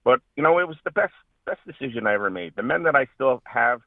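A man, a veteran and radio guest, talking earnestly about his service, halting and restarting often. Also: mid-range voice, animated, vocal fry, no room sound, phone-quality sound. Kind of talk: radio interview.

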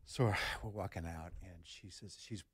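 A man who is a guest actor in a radio studio, telling an anecdote in an animated way and stammering when he gets excited. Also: low-pitched, normal speed, slight background noise.

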